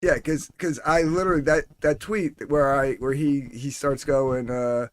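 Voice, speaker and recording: A man's voice: mid-range voice, fairly even intonation, a little slow, very noisy. A man co-hosting a podcast, telling a story casually and quoting himself. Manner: storytelling, quotes himself, many fillers. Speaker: podcast co-host. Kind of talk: casual chat.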